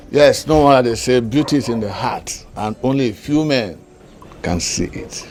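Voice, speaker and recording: A man's voice: mid-range voice, a little slow, a little mellow, close to an everyday voice. An actor playing a middle-aged uncle with a Nigerian accent who gladly blesses his niece's marriage. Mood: pleased.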